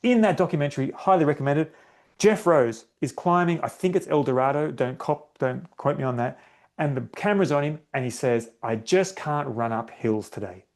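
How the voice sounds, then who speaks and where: A man's voice: fairly high pitch, expressive, moderate pace, darkish tone. A man hosting a solo running podcast, talking casually and acting out bits of self-talk, often tagging his sentences with "right?". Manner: conversational, acts out inner self-talk, often adds "right?". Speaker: podcast host, running coach.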